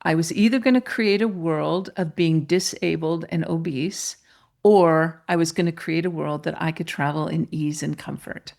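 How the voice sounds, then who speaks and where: A woman's voice: deep voice, normal speed, vocal fry. A middle-aged woman shares a personal story as an interview guest. She tells it with energy and brings other people to life by acting out their voices. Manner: lively storyteller who acts out the voices of others. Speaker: podcast guest.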